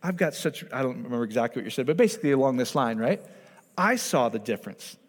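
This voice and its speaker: A male pastor giving a conversational sermon, lively and animated, who keeps checking in with his congregation. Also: mid-range voice, fast talker, in a large hall.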